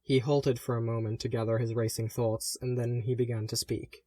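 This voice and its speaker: Man softly narrating a fan audiobook. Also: medium pitch, flat delivery, normal speed, no echo, studio quality. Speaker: audiobook reader.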